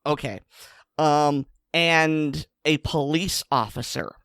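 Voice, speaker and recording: A man's voice: fairly high pitch, slow, a bit bright, clear, resonant tone, no echo, studio quality. A man co-hosting a podcast, retelling a news story in a casual, sardonic way. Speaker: podcast co-host. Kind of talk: casual chat.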